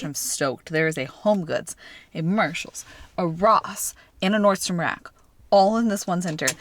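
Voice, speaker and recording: A woman's voice: medium pitch, slight background noise. A woman in her twenties with a light Southern American accent, telling stories in a casual, chatty vlog. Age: 20s. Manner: chatty, animated, lots of "like". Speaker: vlogger.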